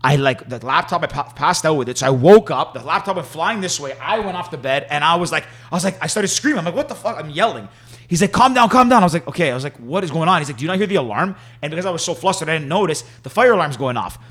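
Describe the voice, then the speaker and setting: Canadian man, podcast co-host, rapid delivery, slightly high voice, excitable storytelling. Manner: fast, excitable, quotes himself mid-story. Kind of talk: casual storytelling chat.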